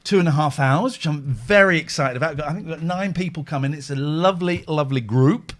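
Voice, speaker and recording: A man's voice: fairly high pitch, fast. A man with a British accent hosting a casual chat show, rambling and interrupting himself with bursts of laughter. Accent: British English. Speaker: podcast host.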